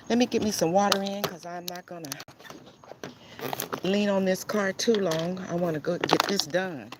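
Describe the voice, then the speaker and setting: A woman's voice: fairly low pitch, moderate pace. An older woman live-streaming her walk, chatting casually to viewers between heavy breaths and sighs, out of breath. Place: outdoors in a neighborhood, walking. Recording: outdoor noise behind.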